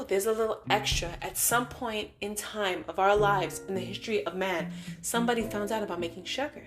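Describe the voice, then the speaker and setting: A woman vlogger telling an everyday story in a casual, emphatic way and acting out the voices she quotes. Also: mid-range voice. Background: guitar music.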